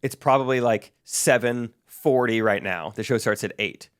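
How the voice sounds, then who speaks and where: A young man, a podcast co-host, casually telling a story and acting out the people he quotes in a higher voice. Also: normal speed, smooth. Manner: animated, acts out quoted voices in a higher pitch.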